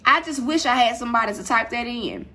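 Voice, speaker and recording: A woman's voice: on the high side, animated, quick pace, bright, forceful tone. A woman preaching to her livestream viewers from home, repeating her points with emphasis. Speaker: online preacher. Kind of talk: livestreamed sermon. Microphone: livestream mic.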